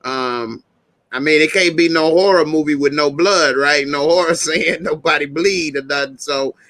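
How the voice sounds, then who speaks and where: Bright-voiced joking male host. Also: a little high, moderate pace, no echo. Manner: joking, playful asides. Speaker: host of a review show. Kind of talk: casual roundtable chat.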